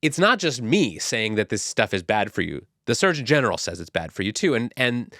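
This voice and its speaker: A man's voice: mid-range voice, very animated, brisk, a bit bright, no room sound, studio quality. A man in his thirties co-hosting a casual tech podcast, thinking aloud with many "like" fillers. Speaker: podcast co-host.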